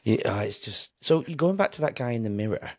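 A woman's voice: extremely low pitch, sing-song, fast, a little mellow. A woman hosting an interview in casual chat, asking short follow-up questions. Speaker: host.

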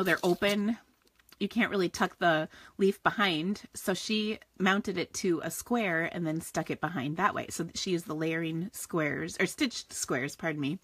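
A woman's voice: on the low side, fairly bright tone, slightly rough. A woman hosting a live card-making stream, talking casually and rambling with frequent laughs. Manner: chatty, rambling, laughs often. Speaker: stamping and card-making host.

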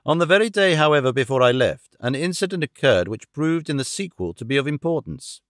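A man narrating a classic audiobook in a measured, formal storytelling manner. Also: on the high side, animated, a bit bright, no echo, clean studio sound.

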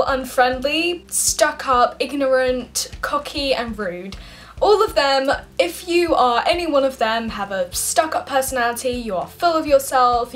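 A young woman from England chats to camera in a bright, high voice that swoops up and down. She giggles often between points. Faint music sits under her talk. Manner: giggly, bubbly, breaks into frequent laughs. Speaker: vlogger.

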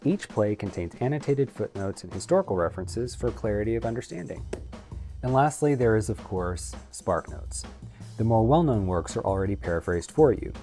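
A young adult man, an acting coach, giving scripted instructional narration in a clear, measured, lightly playful tone. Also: lowish voice, expressive, dark tone, soft background music.

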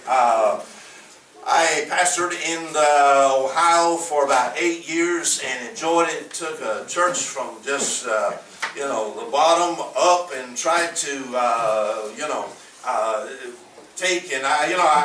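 A man's voice: fairly high pitch, background noise. An older man with a Southern US accent preaching a sermon, telling stories in a rambling, folksy way with many fillers. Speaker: pastor. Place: church. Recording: echoey room from a distance.

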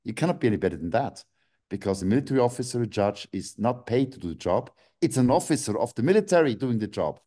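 A man's voice: medium pitch, animated, fast talker, warm tone. Man, angry ranting, swearing, video call. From Switzerland. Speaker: guest. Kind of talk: online video call interview.

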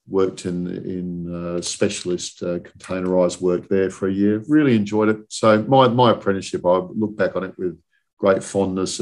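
On a relaxed podcast, a southern English chief executive in his sixties wanders through lengthy stories from his career, pausing often to ask "okay?". His voice sits low, a little mellow.

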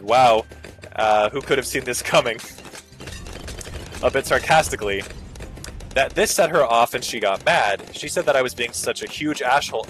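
Bright-voiced man ranting over gameplay. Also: slight background noise. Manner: ranting, sarcastic, swearing, jumps into sudden high squeaky bits. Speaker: gaming video host. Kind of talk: casual commentary over gameplay.

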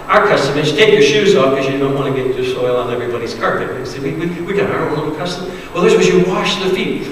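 A man preaching a sermon as pastor, retelling a story with dramatic swings between loud emphasis and hushed, quiet passages. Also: on the high side, expressive, quick pace, hardly any pauses, a little hiss or hum. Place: church sanctuary. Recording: echoey church hall, distant mic.

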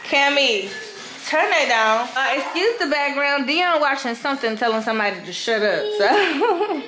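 A young woman, feeding her baby at home and cooing at her in slow, soothing baby talk. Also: high voice, big pitch swings, roomy sound, poor audio. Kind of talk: home vlog, talking to a baby. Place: home kitchen with a TV on.

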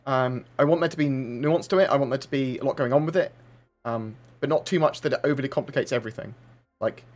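A man's voice: medium pitch, fast talker. A man hosting a casual livestream, reading out viewer questions and answering in a rambling, chatty way with plenty of fillers. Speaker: livestream host.

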